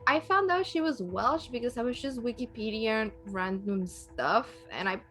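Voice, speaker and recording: A woman from Puerto Rico, a guest in a casual chat, talking with animated energy and laughing often. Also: fairly high pitch, normal speed, soft background music.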